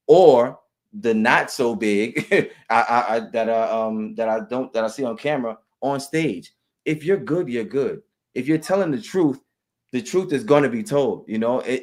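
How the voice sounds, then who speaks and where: Guy chatting about acting, laid back, lots of restarts and little laughs, middle pitch. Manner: relaxed, many restarts and repeated words, laughs often. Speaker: actor and guest. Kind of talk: casual interview chat.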